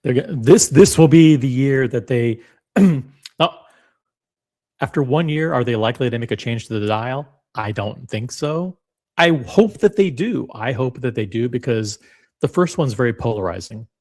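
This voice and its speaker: A man's voice: mid-range voice, moderate pace. Male reaction host, mid-range voice, rambling, punchy, swears freely. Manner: animated, rambling, blunt and profane. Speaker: watch channel host reacting to clips. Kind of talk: casual reaction commentary.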